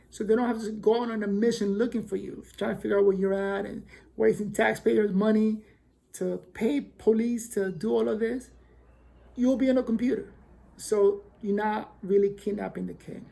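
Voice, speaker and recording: Gravelly New man telling a story. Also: high-pitched. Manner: animated, acts out quoted dialogue. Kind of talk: casual spoken storytelling.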